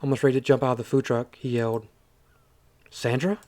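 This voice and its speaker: A man's voice: mid-range voice, level tone, rapid-fire, dark tone. A man reading a story game aloud and commenting on it with amused asides. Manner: amused, reads with chuckles and asides. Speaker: gaming channel host.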